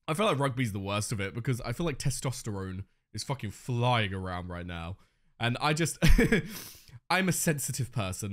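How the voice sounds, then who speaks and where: A man's voice: mid-range voice, fairly bright tone. A young man giving casual reaction commentary on a show, swearing freely and laughing often. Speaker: reaction video host.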